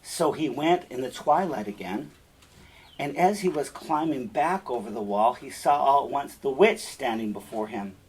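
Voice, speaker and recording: A man's voice: medium pitch, lively intonation, moderate pace, darkish tone, slightly rough, rough recording. A man reading a fairy tale aloud and stopping often to explain its lessons in a conversational way. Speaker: storyteller and teacher.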